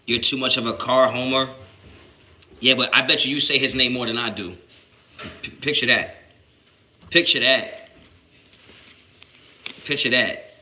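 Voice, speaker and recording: Bright-voiced man on a livestream. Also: mid-range voice, brisk. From New Jersey. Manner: animated, swears a lot, rises to shouting when annoyed; slangy and repetitive, restarts often. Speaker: sports channel host reading live chat. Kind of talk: casual livestream chat.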